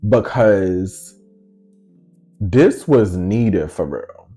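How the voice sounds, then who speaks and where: A man casually telling a story to his viewers in a slangy, animated way, acting out each side of the conversation. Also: low voice, extremely slow, soft background music.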